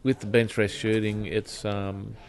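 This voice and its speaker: An Australian shooting coach speaking in a laid-back, hesitant way at an outdoor range. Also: male voice, on the low side, flat delivery, unhurried. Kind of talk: documentary interview. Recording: loud gunfire behind.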